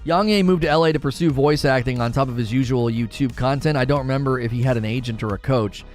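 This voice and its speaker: A man in his thirties chatting casually on a livestream, talkative and lively, reading chat aloud and laughing often. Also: medium pitch, quick pace, soft background music. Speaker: streamer.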